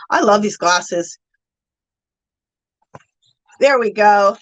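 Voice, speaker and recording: A woman's voice: medium pitch, lively intonation, measured pace, long pauses, dry recording, low-quality recording. A woman hosting a casual craft live stream, gushing thanks to viewers and counting aloud.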